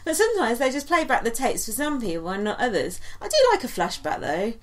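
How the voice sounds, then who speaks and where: A woman's voice: a little high, sing-song, brisk. A woman, co-hosting a podcast, chatting casually and gossiping, often giggling and quoting people in silly voices. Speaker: podcast co-host. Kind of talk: casual chat.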